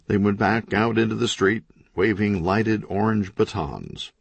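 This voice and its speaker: A man reading a crime comedy audiobook in scripted narration with an animated, dry comic delivery. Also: on the low side, a little slow, creaky, hardly any pauses, husky, no room sound.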